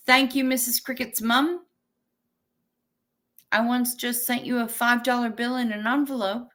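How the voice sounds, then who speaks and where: Woman, 50s, livestream host. Unhurried, bright voice; casual, salty, chatty with viewers. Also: a little high, fairly even intonation. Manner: chatty and profane, thanks viewers. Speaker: livestream host reading chat. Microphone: webcam stream setup.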